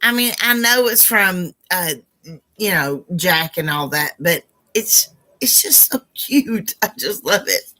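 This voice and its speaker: A woman hosting a live psychic Q&A stream, chatty and affectionate with her viewers, her voice hoarse and rough. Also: on the low side, expressive, slow pace, sharp tone.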